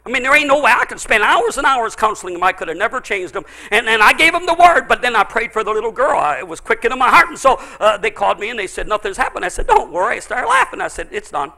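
High, bright-voiced preacher telling stories. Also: male voice, big pitch swings, fast talker, creaky, few pauses. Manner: storytelling preacher, swings from loud exclaiming to low intensity. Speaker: pastor. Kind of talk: sermon.

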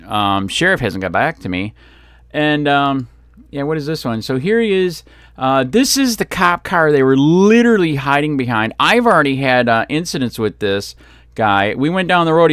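A man's voice: medium pitch, a bit bright, clean tone, no echo, studio quality. A man vlogging about police, ranting angrily with heavy swearing and sarcasm. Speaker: copwatch vlogger. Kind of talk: angry ranting commentary.

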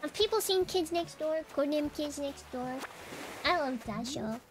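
High-pitched chatty woman streamer. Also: expressive, normal speed, music in the background. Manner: chatty storytelling, giggles often. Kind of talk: casual chat while gaming.

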